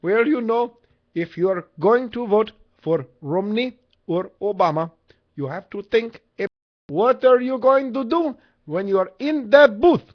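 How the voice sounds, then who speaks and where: A man doing an impression of an old man with an Indian accent, in a lilting, high, drawn-out delivery. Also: expressive. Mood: advising. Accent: Indian, put on. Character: old Indian man giving voting advice. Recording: lo-fi livestream audio.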